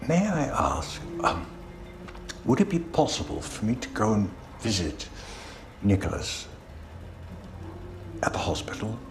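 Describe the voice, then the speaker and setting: An actor playing a hesitant, polite British man, speaking haltingly in a British accent. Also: on the low side, sing-song, slight background noise. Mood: tentative. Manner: halting, tentative.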